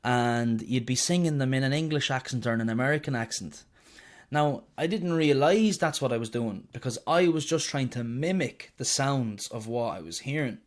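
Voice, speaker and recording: A man's voice: mid-range voice, expressive, moderate pace. A young Irish man, a guest singer, chatting in an interview and telling stories with a loose, self-mocking way of talking. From Ireland. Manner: chatty storyteller, swears and jokes about himself. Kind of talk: casual interview chat.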